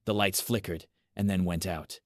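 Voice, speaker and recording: A man reads a horror story aloud in a very low voice, measured and deliberate. The recording is dry and close, with no room sound. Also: fairly even intonation, dry recording. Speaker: narrator. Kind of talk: scripted horror story narration.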